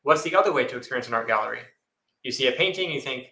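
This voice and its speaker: A man's voice: medium pitch, animated, rapid-fire, gravelly, sharp tone, reverberant, a little hiss or hum, rough recording. A male monastic on a panel, answering a question thoughtfully and acting out little inner voices as examples. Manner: thoughtful, repeats phrases, acts out inner voices. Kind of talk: dharma talk answering a question.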